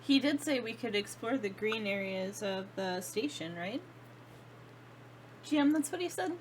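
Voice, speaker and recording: A woman's voice: mid-range voice, expressive, a little slow, background noise. A woman playing a tabletop roleplaying game, chatting and laughing easily with the group. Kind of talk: casual chat.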